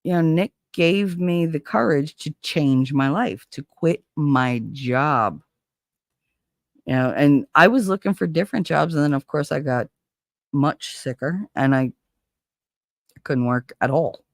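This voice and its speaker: A woman's voice: low-pitched, a little slow, dry recording. A middle-aged woman with a New Jersey accent, hosting a casual livestream chat in a candid, profane, chatty way. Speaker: livestream host.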